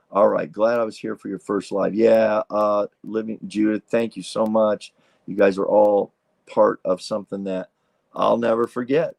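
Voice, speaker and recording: A man in his sixties hosts a casual live stream and rambles through viewer comments in a chatty, easygoing way. His voice has a gravelly edge, and it sounds dry and close. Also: on the low side, a little mellow, no echo. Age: 60s. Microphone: streaming setup mic.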